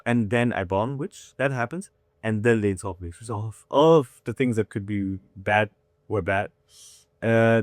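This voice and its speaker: A man's voice: lowish voice, smooth, no echo, clean studio sound. A man in his thirties, a comedian telling candid stories in a casual interview, acting out quotes as he goes. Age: 30s. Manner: candid, animated storytelling with acted-out quotes. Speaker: comedian guest.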